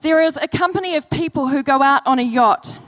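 High-voiced woman preaching a sermon. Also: brisk, a bit bright. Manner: earnest, storytelling, repeats key phrases. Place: church service.

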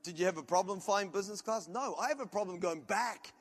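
A man preaching a sermon as a pastor, telling loud, animated stories with comic outbursts. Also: high-pitched, fairly quick, a little hiss or hum.

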